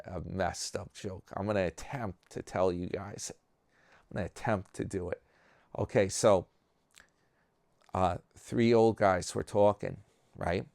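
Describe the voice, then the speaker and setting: Low slow guy rambling to his viewers, smooth dry voice, keeps saying man. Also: a little mellow, no room sound. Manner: rambling, self-mocking, slangy with lots of "man". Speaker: channel host. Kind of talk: casual chat, rambling joke-telling.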